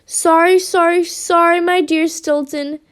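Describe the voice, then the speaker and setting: A woman's voice: extremely high pitch, steady tone, a little slow. A woman voicing a clumsy male mouse detective who keeps apologizing anxiously. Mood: apologetic. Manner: flustered, repeating apologies.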